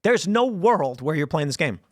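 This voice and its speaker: Animated man hosting commentary. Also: fairly high pitch, normal speed, dry recording, studio quality. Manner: animated, acts out quoted voices, frequent restarts. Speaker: commentary show host. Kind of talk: casual commentary monologue.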